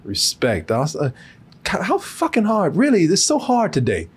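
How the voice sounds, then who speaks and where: A man's voice: high voice, huge pitch swings, normal speed, crowd noise. A man co-hosting a podcast, reading listener letters and joking in profane, laughing banter. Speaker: podcast co-host. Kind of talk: casual comedic chat.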